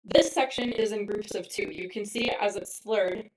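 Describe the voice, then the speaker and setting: A woman's voice: medium pitch, moderate pace, few pauses, rough recording. A woman clarinet teacher giving a casual lesson, sometimes singing rhythms aloud to show them. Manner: sings rhythms aloud to demonstrate.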